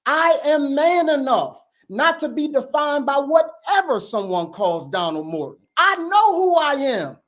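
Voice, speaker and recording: A man's voice: very high voice, sing-song, measured pace, hardly any pauses, a bit bright. A man hosting a heated debate, insistent and emphatic, repeating his points and talking over the other speaker. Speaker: show host.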